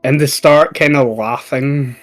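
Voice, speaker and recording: A man narrating as game master of a tabletop game, unhurried and hesitant. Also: medium pitch, fairly even intonation, soft background music.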